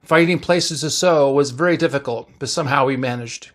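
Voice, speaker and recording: A man voicing a gruff, blunt male ship doctor who barks orders in a read-aloud story. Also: mid-range voice, a little fast, a bit bright, natural voice. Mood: brusque. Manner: brusque, barking orders.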